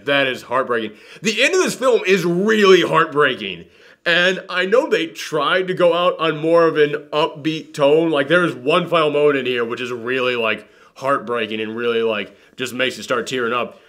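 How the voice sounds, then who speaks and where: A young man reviewing a movie in a casual chat, talking in an animated way and using lots of fillers. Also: mid-range voice. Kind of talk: casual conversation.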